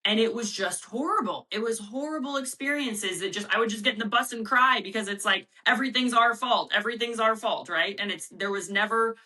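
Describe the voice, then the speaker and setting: Bright-voiced woman coaching guest, animated. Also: mid-range voice, a little fast, few pauses, rough recording. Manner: animated, acts out quoted players and coaches in her own voice. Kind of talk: casual interview talk.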